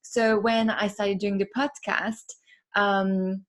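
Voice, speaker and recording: A woman podcast host being interviewed, talking casually with many fillers and soft laughs. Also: mid-range voice, flat delivery, slow pace.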